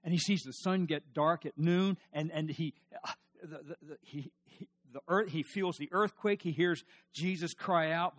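A male pastor preaching a sermon emphatically, repeating his questions and swinging from loud to hushed. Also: on the high side, moderate pace, dry recording.

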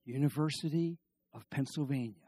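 A middle-aged man giving a humorous talk on marriage to a live audience, animated and joking, often restarting his sentences. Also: medium pitch, fairly quick, husky, no echo. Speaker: speaker on marriage.

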